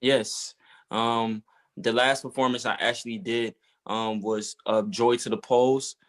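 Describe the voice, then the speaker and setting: Speaking a little slowly in a steady, medium-pitched voice, this Georgia-born musician guest works through a casual interview with hesitant answers full of fillers.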